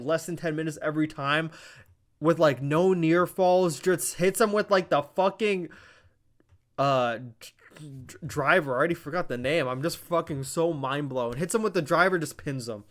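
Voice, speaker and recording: Excitable, fast-talking man reviewing wrestling. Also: fairly high pitch. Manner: breaks into loud exasperated outbursts. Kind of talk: casual recap and commentary.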